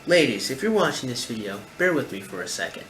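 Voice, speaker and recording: A man's voice: medium pitch, big pitch swings, fast, fairly bright tone. A man giving reaction commentary in an emphatic, lecturing way, repeating his points. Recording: roomy echo, faint background noise.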